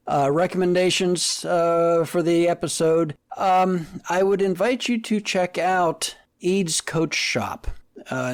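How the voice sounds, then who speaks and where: A man's voice: on the high side, no room sound, studio quality. A man hosting a casual solo woodworking podcast, rambling through shop stories and puns and laughing at his own jokes.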